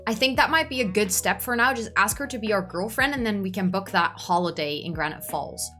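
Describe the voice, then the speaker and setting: A young woman giving casual commentary on a life-simulation game, gushing and excitable as she talks to her viewers. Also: mid-range voice, brisk, faint music behind. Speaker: gaming YouTuber.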